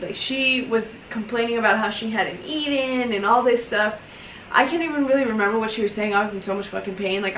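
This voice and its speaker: A woman's voice: medium pitch, fairly bright tone, slight background noise. Chatty young woman, roomy and distant. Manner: chatty, filler-heavy, emotional retelling. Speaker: vlogger. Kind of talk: casual storytime while doing makeup. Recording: roomy echo, mic at a distance.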